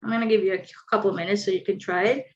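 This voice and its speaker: A woman leading an online communication skills workshop, explaining clearly and adding light humorous asides. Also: mid-range voice, fairly even intonation, rapid-fire, highs cut off. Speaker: workshop presenter. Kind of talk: online training presentation.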